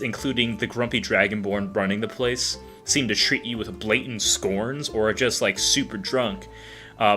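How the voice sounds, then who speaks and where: Brief: young male game master, bright, forward voice, loose and casual narration, faint music underneath. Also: on the low side. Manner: casual, filler-heavy narration. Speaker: dungeon master. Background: faint background music.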